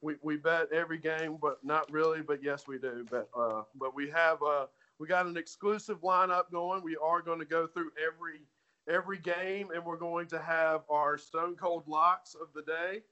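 A man co-hosting a sports betting podcast, blunt and halting with many restarts. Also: on the high side, fairly even intonation, bright, forceful tone, muffled recording. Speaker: podcast co-host. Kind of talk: casual sports betting chat.

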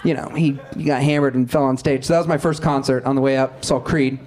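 A man telling comic stories as a guest comedian, animated and laughing as he goes. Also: mid-range voice, fast. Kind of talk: comic storytelling.

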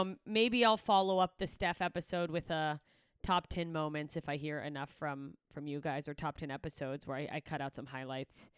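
Woman comedian, podcast host, low-pitched, smooth resonant voice, candid and rambling, swears a lot. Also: fairly bright tone, no room sound, clean studio sound. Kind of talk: casual podcast sign-off chat.

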